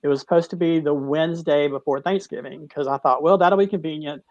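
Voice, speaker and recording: A middle-aged man speaks in a fairly high voice, halting and restarting as he recounts something personal and heavy. The sound is dry and dull, like lo-fi call audio. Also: fairly even intonation, a little mellow, dry recording. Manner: halting, with many restarts, tearful at moments. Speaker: guest, cancer survivor. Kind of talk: emotional personal story in a talk-show interview.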